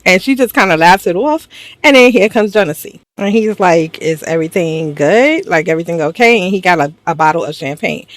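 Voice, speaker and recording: New lady gabbing about a show, lively and slangy, dry close sound. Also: fairly low pitch, dry recording. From New York. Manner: animated, slangy, acts out characters' lines. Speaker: TV show recap host. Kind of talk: casual chat.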